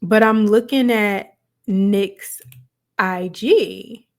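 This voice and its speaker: Slow, drawn-out woman host. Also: medium pitch. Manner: chatty, emphatic, drawn-out phrasing. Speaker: commentary host. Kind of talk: casual commentary to camera.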